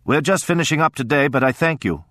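A man's voice: fairly high pitch, expressive, quick pace, sharp tone, no echo, clean studio sound, pitched above the performer's own voice. A male narrator voicing a proud, tense farmer father who answers curtly and stiffly in an audiobook reading. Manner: curt and stiff. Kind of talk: audiobook character voice.

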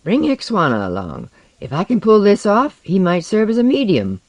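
A narrator voicing Osden, a bitter and mocking male empath, in a lively, raised voice in a science-fiction audiobook. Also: high-pitched, moderate pace, no echo, voice pushed up, full character voice. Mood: eager.

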